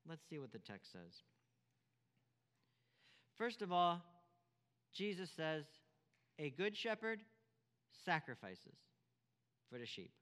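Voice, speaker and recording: A man's voice: on the high side, very animated, takes it slowly, pauses often, a bit bright. Emphatic male pastor preaching in a hall. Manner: emphatic, repeats key phrases, rhetorical questions. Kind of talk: sermon.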